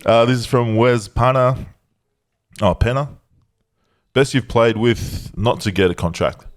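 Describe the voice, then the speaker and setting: A man's voice: medium pitch, unhurried. A young man hosting a casual podcast, reading out listener questions with chuckling, blokey banter. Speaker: podcast host.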